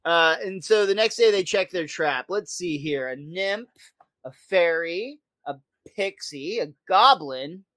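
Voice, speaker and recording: A man in a casual podcast chat, walking through a cartoon episode in a relaxed, rambling way. His voice sits a bit high for a man and comes across close and dry, with no room sound. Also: a little slow, no room sound. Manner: laid-back recapping with frequent fillers and laughs. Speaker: podcast co-host.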